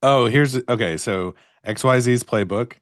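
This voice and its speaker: A man's voice: medium pitch, a little slow, fairly bright tone, no room sound, studio quality. A man co-hosting a live trading stream, talking in a laid-back, rambling way with lots of fillers. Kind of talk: casual chat.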